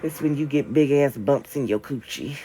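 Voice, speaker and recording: A woman in her late twenties chatting on a livestream in a blunt, profane, animated way. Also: extremely low pitch, moderate pace, slightly rough, soft background music. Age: late 20s. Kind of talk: casual livestream chat.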